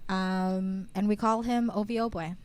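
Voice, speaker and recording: A woman's voice: medium pitch, fairly even intonation, measured pace, clear, resonant tone. A young woman co-hosting a podcast, telling a date story in casual chat, acting out quotes, swearing and laughing often. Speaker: podcast co-host.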